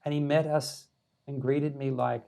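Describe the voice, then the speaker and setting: A man who is a meditation teacher, telling a story as a podcast guest in an animated way, laughing often. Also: mid-range voice, unhurried, creaky. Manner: animated, many fillers and restarts, laughing often.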